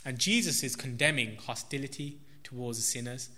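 Male preacher, slow and emphatic, bright forceful tone, big reverberant room. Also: mid-range voice. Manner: slow, emphatic delivery with stressed repetitions. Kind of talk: sermon. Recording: long reverb of a large hall.

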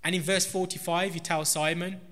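A man preaching a sermon in a slow, emphatic way, stressing repeated words. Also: sits high, flat delivery, fairly bright tone. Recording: long reverb of a large hall.

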